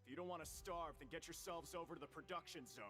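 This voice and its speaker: A man voicing a gruff, bossy male prison guard in game character dialogue. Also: a little high, steady tone, quick pace, pushed and bright, soft background music.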